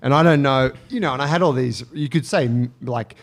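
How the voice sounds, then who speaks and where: An Australian man tells a story on a casual podcast. He swears freely and jumps into the voices of the people in his tale. His pitch sits in the middle range for a man. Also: brisk. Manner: animated storyteller, swears freely, acts out quotes. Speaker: podcast co-host telling a story.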